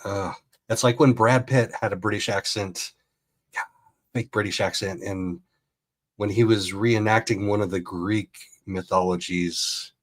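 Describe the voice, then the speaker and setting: A man's voice: on the low side, fairly even intonation, a little slow. A man giving chatty, incredulous commentary as he reacts to a video. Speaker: host.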